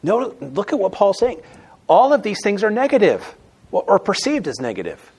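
A man preaching a sermon as pastor, emphatic, moving between loud stressed words and quiet asides. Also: high-pitched, wildly swooping pitch, moderate pace, breathy edge.

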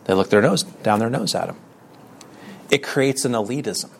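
A man's voice: medium pitch, moderate pace, gravelly, a little hiss or hum. Man preaching with rhetorical questions. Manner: rhetorical questions, emphatic and reading scripture aloud. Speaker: Bible teacher. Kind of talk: conversational sermon.

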